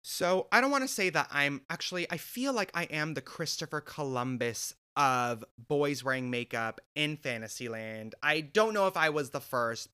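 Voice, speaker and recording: Bright, clean-voiced young man, casual vlog storyteller, sassy and foul-mouthed. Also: medium pitch, clear, resonant tone. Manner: sassy, profane, animated, mimics other people in quotes. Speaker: vlogger telling a story.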